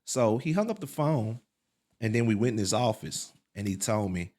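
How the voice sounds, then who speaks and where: Man, middle-aged, low voice, podcast guest, animated casual storytelling, lots of fillers. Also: normal speed. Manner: relives quotes with sharp pitch leaps.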